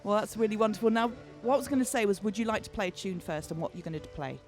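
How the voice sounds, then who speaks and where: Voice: mid-range voice, lively intonation, very fast, over loud music. A radio host interviewing a folk singer, with an enthusiastic, rambling manner and self-conscious laughs. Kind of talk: casual interview chat. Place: folk festival grounds.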